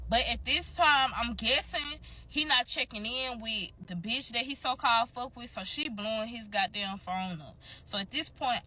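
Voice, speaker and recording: A woman's voice: fairly high pitch, sharp tone. A young woman telling a candid, profane story to her viewers in a casual, chatty way.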